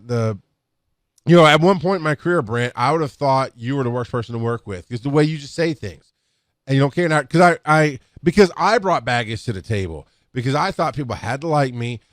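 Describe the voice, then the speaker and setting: A man's voice: mid-range voice, animated, a little fast, no room sound, studio quality. A middle-aged man, an EMS instructor telling rambling work stories into a podcast microphone, with many restarts. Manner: rambling, with restarts and acted-out quotes. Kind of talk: casual storytelling talk.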